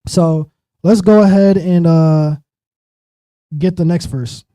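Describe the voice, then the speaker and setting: A man teaching a Bible study in a casual, animated way, acting out the biblical figures in everyday slang. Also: fairly high pitch, takes it slowly, no echo, low-quality recording. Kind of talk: sermon-style Bible teaching.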